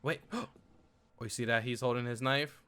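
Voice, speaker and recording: Excitable man reacting to a TV episode. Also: mid-range voice, normal speed, clear, resonant tone. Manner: excitable, loud outbursts and repeated exclamations. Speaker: reaction video host. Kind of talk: casual reaction commentary.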